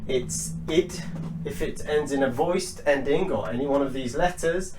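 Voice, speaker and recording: A man teaching an English pronunciation lesson, speaking slowly and patiently and repeating each word so learners can copy it. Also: mid-range voice, a little mellow, slight background noise. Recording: roomy sound from a distance.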